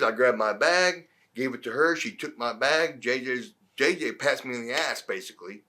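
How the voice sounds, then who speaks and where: A middle-aged former wrestler telling profane, animated stories in an interview, acting out quotes from others. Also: male voice, medium pitch, normal speed, few pauses. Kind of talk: shoot interview storytelling.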